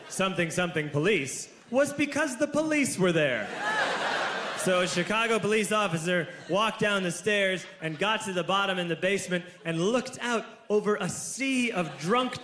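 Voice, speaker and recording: A man in his thirties telling a stand-up story, animated and shouting the punchlines. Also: sits high, echoey room, noisy background. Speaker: stand-up comedian.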